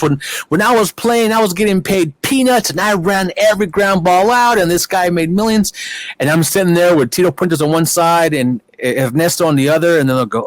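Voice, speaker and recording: A middle-aged man, a guest in a casual interview, telling animated stories with plenty of fillers and acted-out quotes. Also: on the high side, moderate pace, no echo. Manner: animated anecdotes with many fillers and quoted voices. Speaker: guest, wrestling promoter.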